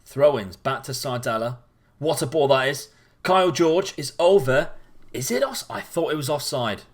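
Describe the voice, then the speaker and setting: A young man, casually commenting as he plays a football management game, chatty and given to sudden loud cheering. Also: medium pitch, moderate pace. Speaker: gaming commentator.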